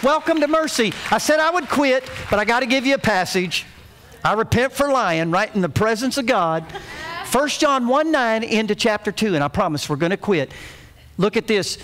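A man's voice: high voice, expressive, normal speed, a bit bright, slight background noise. A middle-aged man preaching a sermon as pastor, telling a family story in a folksy, humorous way.

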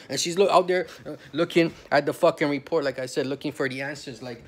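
A man's voice: fairly high pitch, quick pace, hardly any pauses. Man from Canada, heated profane storyteller, slangy street talk.

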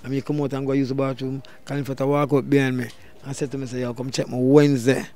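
Animated Jamaican man telling stories. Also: medium pitch, quick pace. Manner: animated, loud bursts when acting out quotes. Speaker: dancehall deejay guest. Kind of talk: storytelling interview.

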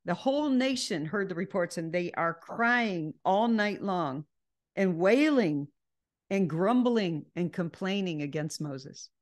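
A woman with a somewhat low voice leads a casual Bible study over a video call. She talks freely, often stopping and restarting her sentences as she explains. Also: expressive, slow pace. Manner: chatty, with frequent restarts and self-corrections. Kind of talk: informal Bible study teaching.

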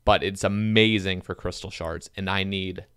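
Low-voiced podcast host guy, smooth and kinda rambly, casual gaming chat. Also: normal speed, no room sound, studio quality. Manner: relaxed, rambling with many "like" fillers.

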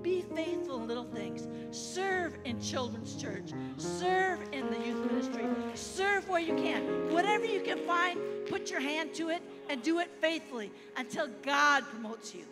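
An American woman preaching as a guest missionary, animated, leading the congregation in call-and-response. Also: sits high. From United States. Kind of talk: sermon. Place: large church hall. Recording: church hall reverb with music.

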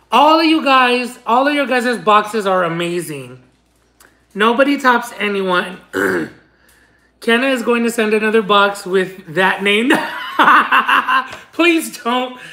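A man's voice: sits high, sharp tone. A man vlogging as he opens fan mail, telling a story to his viewers in a dramatic, giggly way. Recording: roomy echo.

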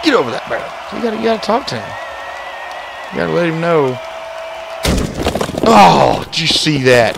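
A young man giving excitable let's-play commentary, yelling and groaning at the game. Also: fairly high pitch, normal speed, creaky, pauses often. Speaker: gaming YouTuber. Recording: game music and crowd noise behind.

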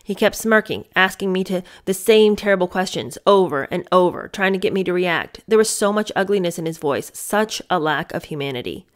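A grieving young woman recalls a painful memory in a low, subdued voice, as a woman reads it aloud. The delivery is quiet and held back. It comes across as a memoir read at home. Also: lively intonation, brisk, hardly any pauses, close to an everyday voice. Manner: lower and quieter than her own talk, subdued. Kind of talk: reading a memoir passage aloud.

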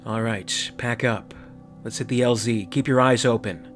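A man's voice: mid-range voice, steady tone, moderate pace, fairly bright tone, soft background music, close to an everyday voice. A man voicing a commanding, impatient male marine captain who barks orders. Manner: barking orders, clipped military talk.

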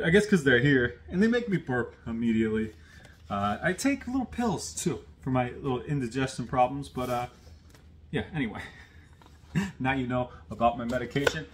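A man hosting a casual unboxing video, chatty and self-deprecating, full of quick asides. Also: medium pitch, slight background noise. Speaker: host of an unboxing series. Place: at work on a lunch break.

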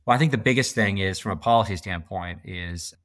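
A man's voice: deep voice, brisk, fairly bright tone, dry recording. A middle-aged man from Canada, a podcast guest talking emphatically and laughing often in a casual interview.

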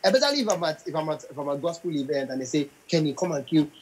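A young comedian chats with animated energy, jumping between his own voice and the characters in his story. He breaks into sung lines and talks over faint background hiss. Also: on the high side, very fast, rough recording. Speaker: comedian guest.

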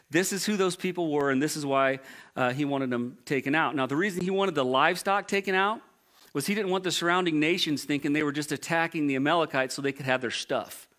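Guy preaching, slightly high voice, reads verses then jokes about them. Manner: lively, jokey, reads scripture aloud and comments on it. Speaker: pastor. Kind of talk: sermon with scripture reading.

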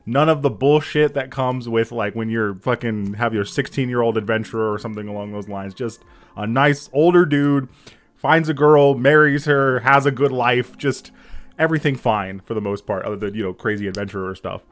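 A man in his thirties giving casual reaction commentary on a game, excitable, swearing and laughing often. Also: mid-range voice, moderate pace. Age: 30s.

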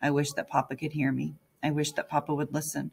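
Gravelly woman reading an audiobook. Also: deep voice, little pitch movement, quick pace, a little mellow. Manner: first-person storytelling as a young girl. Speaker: audiobook narrator. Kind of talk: scripted audiobook narration.

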